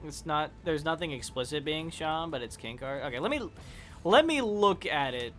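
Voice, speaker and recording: A man's voice: a little high, animated, normal speed, a bit bright. A man chatting casually with viewers while playing a game on a live stream, rambling and swearing when he fails.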